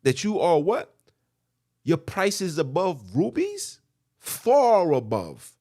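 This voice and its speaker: A man's voice: sits high, huge pitch swings, takes it slowly, darkish tone, breathy edge. A man hosting a podcast, delivering a preachy monologue that quotes scripture, emphatic and repetitive, often asking "right?". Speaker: podcast host.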